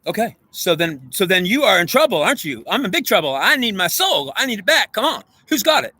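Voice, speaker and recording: A man's voice: high voice, big pitch swings, brisk, bright, forceful tone, breathy edge, dry recording. A man ranting in an agitated, preachy monologue, repeating himself and lecturing.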